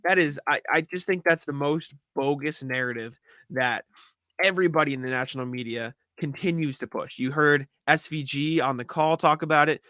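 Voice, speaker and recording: A man's voice: mid-range voice, pushed and bright, dry recording, studio quality. A man co-hosting a casual sports podcast, talking loosely with fillers and frequent agreement. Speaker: podcast co-host.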